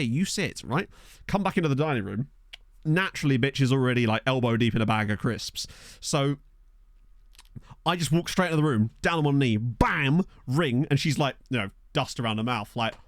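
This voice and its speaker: Lively man chatting to viewers. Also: medium pitch, brisk, no echo, clean studio sound. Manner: animated, rambling storyteller who laughs often. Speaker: streamer playing a football management game. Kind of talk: casual chat with live viewers. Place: small bedroom. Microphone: desk USB microphone.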